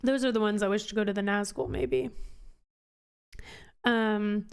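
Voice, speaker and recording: Woman, book club host, casual streamed discussion, thinks out loud, smooth clear voice. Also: medium pitch, steady tone, measured pace. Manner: chatty, thinks aloud with many fillers and restarts.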